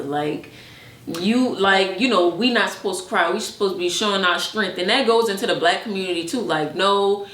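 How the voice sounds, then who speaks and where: A woman co-hosting a casual podcast, chatting with lots of filler words and acted-out quotes. Her voice sits at a middle pitch. The room has a noticeable echo. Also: moderate pace. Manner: chatty, many "like" fillers, animated quoted asides. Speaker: podcast co-host. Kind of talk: casual chat.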